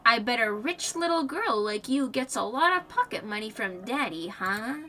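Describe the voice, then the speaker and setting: A gang of sneering male pigeon thugs, pushy and rude, as a woman puts them on. Their lines come out taunting and menacing, with pitch that swings widely. The voice sits back from the mic. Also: animated, normal speed, pushed and bright. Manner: sneering, threatening. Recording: distant mic, faint music behind.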